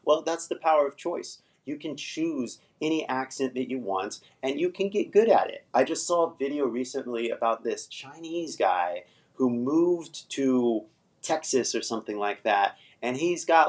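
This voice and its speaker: An American man with a medium-pitched, animated voice hosts a casual live-stream English lesson at a moderate pace. He's loose and chatty, full of fillers, and lets the odd swear word slip.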